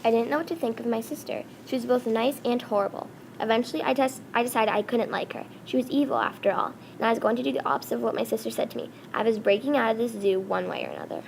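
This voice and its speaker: A woman reading a first-person story aloud, halting and often restarting words. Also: fairly high pitch, steady tone, gravelly, a little hiss or hum. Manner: halting, with frequent restarts and self-corrections.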